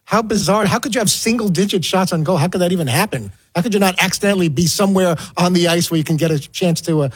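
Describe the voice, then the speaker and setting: Radio co-host guy, talks fast, kinda husky, wry and argumentative. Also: sits high. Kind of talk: call-in sports radio chat.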